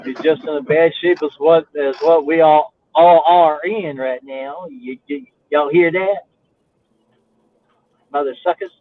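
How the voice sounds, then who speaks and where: A man's voice: on the high side, fairly even intonation, unhurried. A man chatting casually while he drives, grumbling and folksy, on a phone in his car. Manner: grumbling, folksy, laughs at his own stories. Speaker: lawn care worker on a live panel. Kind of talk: casual chat while driving. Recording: tinny phone line.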